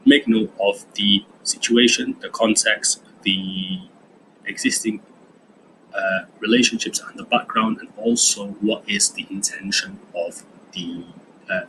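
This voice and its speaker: A man's voice: on the low side, fairly bright tone, a little hiss or hum, rough recording. A man, a drama teacher explaining a lesson in a chatty way with fillers. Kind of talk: recorded online lesson.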